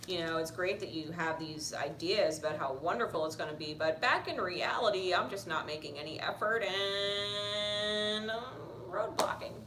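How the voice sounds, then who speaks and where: A woman giving a casual tarot reading, blunt and profane, swinging into animated outbursts. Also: lowish voice, normal speed, far from the mic. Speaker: tarot reader. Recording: echoey room with noise.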